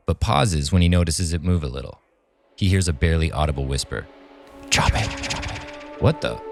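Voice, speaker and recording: A man co-hosting a podcast, reading a horror script aloud in an even narrating voice. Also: sits low. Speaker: podcast co-host and script reader.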